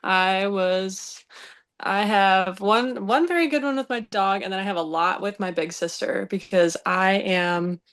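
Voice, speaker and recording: A woman speaking at an average pitch tells a story on a podcast. Her delivery is lively and full of laughter. She acts out the lines of the people in her story. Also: unhurried, smooth. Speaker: podcast team member. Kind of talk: casual storytelling.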